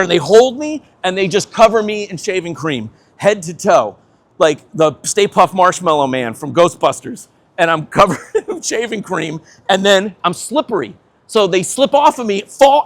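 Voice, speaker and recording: A man in his fifties, a veteran skateboarder telling an animated story, laughing often and swearing casually. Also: high-pitched.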